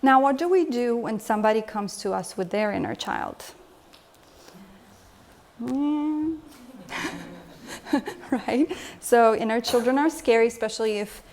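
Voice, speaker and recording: A woman's voice: a little high, measured pace, pauses often, a little mellow, a little hiss or hum. A woman emotional health coach giving a lecture to a live group, engaging the audience with frequent questions.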